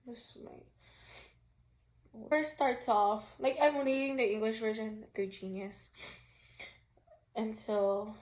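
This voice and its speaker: A woman in her twenties from the Philippines, talking through her feelings in a halting, emotional way with lots of fillers. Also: a little high. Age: 20s. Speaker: vlogger. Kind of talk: casual personal chat. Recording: roomy echo.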